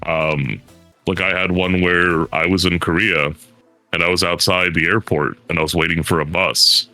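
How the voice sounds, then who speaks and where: Deep-voiced man, loose rambling chat. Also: steady tone, moderate pace, bright, forceful tone, dry recording, faint music behind. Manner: rambling, lots of fillers, playful mimicry. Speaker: panel guest. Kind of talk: casual panel chat.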